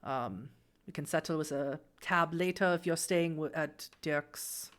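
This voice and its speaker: A woman doing a nervous, defensive male innkeeper in a tabletop horror game. He hedges every answer with fillers and sounds a touch low and dark. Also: measured pace. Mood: evasive. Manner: hesitant and defensive, full of fillers.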